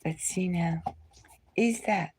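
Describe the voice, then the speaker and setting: A woman hosting a live tarot reading, talking in a rambling, conversational way and sometimes dropping into soft whispers. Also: lowish voice, slow, slight background noise. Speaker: tarot reader. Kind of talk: live-stream reading, casual talk.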